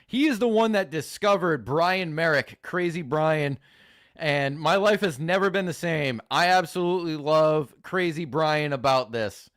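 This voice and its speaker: A man hosting a live reaction stream, talking in an excitable, profane, mock-enthusiastic way. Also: a little high, measured pace, no room sound, clean studio sound. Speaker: host reacting to videos.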